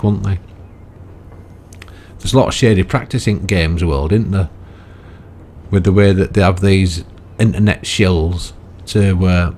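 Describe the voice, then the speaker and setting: A man's voice: sits low, a little mellow. A man giving rambling, chatty gameplay commentary, often ending remarks with tag questions. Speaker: gaming video creator.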